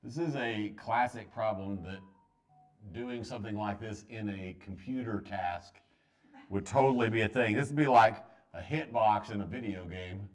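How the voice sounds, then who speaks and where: A man's voice: lowish voice, normal speed. A man teaching a math class to students, talking in a joking, offhand way.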